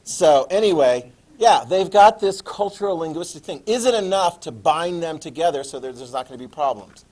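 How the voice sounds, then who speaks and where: A man teaching a classroom lecture, chatty and animated, often checking in with his students. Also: a little high, normal speed, few pauses, poor audio.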